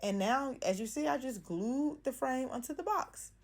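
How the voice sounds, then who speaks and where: A woman's voice: high voice, expressive, normal speed, a little mellow. A young woman vlogger talking through a craft tutorial in a casual, playful, slangy way.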